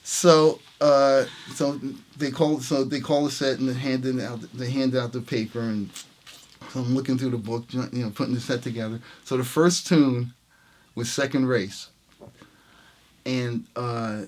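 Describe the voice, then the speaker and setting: A jazz trumpet player telling a story in an interview, laughing often and acting out the lines of the people in it. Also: male voice, mid-range voice, fairly even intonation, a little slow, darkish tone. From New York City. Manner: laughing, reenacts quotes with voices.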